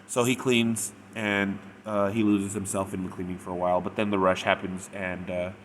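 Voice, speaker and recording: A man's voice: low-pitched, level tone, normal speed, slight background noise. A man retelling a story in a casual, rambling way, with frequent "like" and "or whatever". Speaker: fanfic reviewer. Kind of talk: casual spoken review.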